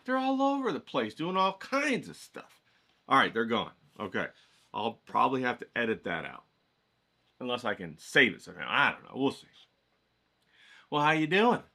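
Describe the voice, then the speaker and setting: Middle-aged man, bright forceful tone, folksy motivational vlogger, swears, hypes up the viewers. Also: medium pitch, wildly swooping pitch, moderate pace, vocal fry, long pauses. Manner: hyped, folksy, swears freely, talks to viewers directly. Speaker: watercolor vlogger. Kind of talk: casual motivational pep talk to camera.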